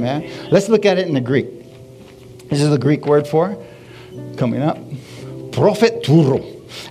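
A man preaching a sermon with energy, asking the congregation questions and repeating "Hallelujah" as he goes. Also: high voice. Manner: animated preaching with call-and-response, repeated "Hallelujah". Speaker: pastor. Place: church service. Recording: faint music behind.

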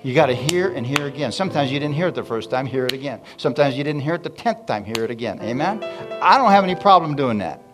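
A middle-aged man preaching with an animated, storytelling manner, his voice sitting at an ordinary middle pitch. He keeps calling out to the congregation between stories, while a guitar plays softly behind him. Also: fast. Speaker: pastor. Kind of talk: sermon storytelling.

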